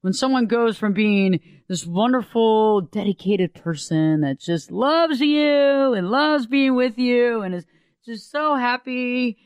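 High-voiced man giving relationship advice. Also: slow, smooth, dry recording. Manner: animated, acts out quoted voices. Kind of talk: casual advice monologue.

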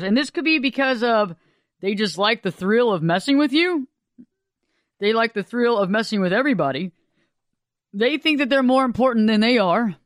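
Animated talk radio host. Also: mid-range voice, no room sound, studio quality. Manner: animated, conversational, folksy.

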